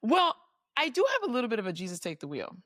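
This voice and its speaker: A woman co-hosting a podcast, chatting and telling a story in an animated way with frequent laughs. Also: on the high side, dry recording, clean studio sound. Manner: animated, laughing, jumps in with quick asides. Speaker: podcast co-host. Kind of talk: casual chat and storytelling.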